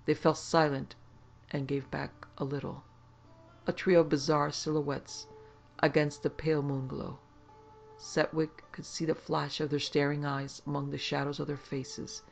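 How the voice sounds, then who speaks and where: A man narrating a horror story in a dramatic, expressive reading. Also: fairly high pitch, unhurried, gravelly, soft background music.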